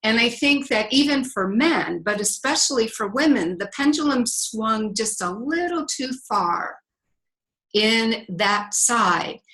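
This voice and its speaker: A woman's voice: fairly high pitch, animated, slow, fairly bright tone, low-quality recording. A middle-aged woman, a relationship coach, talking as a podcast guest in a reflective way with some fillers. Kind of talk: podcast interview.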